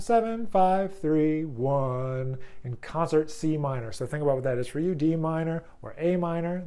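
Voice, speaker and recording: A male jazz teacher talks through a lesson, counting in and scat-singing short melody lines. His voice sits a little high but has a dark, mellow tone. A brass instrument plays behind him. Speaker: music teacher. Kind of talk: jazz lesson with sung examples.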